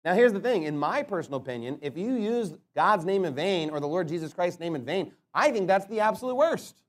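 Male preacher, high voice, emphatic sermon delivery with rhetorical questions. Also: big pitch swings. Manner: emphatic, rhetorical questions, slows to stress words.

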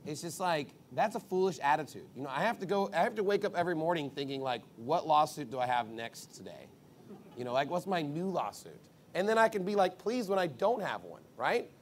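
A man's voice: on the high side, very animated, quick pace, slight background noise. A man preaching a conversational sermon as a pastor, blunt and emphatic, rambling with asides.

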